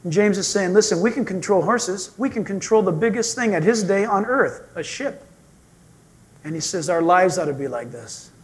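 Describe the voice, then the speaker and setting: A male pastor preaching in a church sanctuary, in a very high voice that leaps around in pitch. He tells stories with humor and animation. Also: expressive, normal speed. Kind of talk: sermon.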